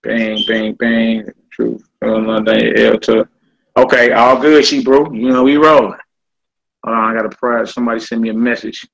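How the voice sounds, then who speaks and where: A man, teaching a live-streamed lesson in a loose, chatty way. His pitch sits in the middle range, and he talks to his viewers like family. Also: little pitch movement, normal speed, vocal fry, poor audio.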